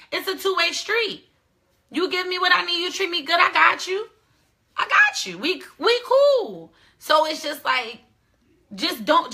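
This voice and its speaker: A woman's voice: fairly high pitch, bright, forceful tone. A woman hosting her own show, giving blunt, profane dating advice in a casual monologue. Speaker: show host.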